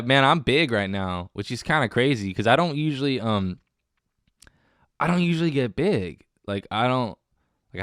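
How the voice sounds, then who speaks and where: A man's voice: lowish voice, fairly bright tone, clear, resonant tone, no echo, studio quality. A man hosting a casual solo podcast, rambling and joking at his own expense, wired on coffee. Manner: rambling, self-mocking and jokey. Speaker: podcast host.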